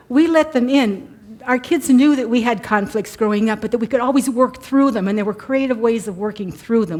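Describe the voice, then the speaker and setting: Older woman, conference presenter, animated storyteller, live mic in a church hall. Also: mid-range voice. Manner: animated storytelling, mock voices. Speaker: workshop presenter. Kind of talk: conference talk.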